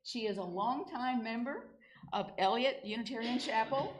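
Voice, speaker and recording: A woman's voice: fairly high pitch, expressive, moderate pace, poor audio. An older woman leading a church service in a sanctuary, friendly and lightly informal as she welcomes people. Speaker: worship leader.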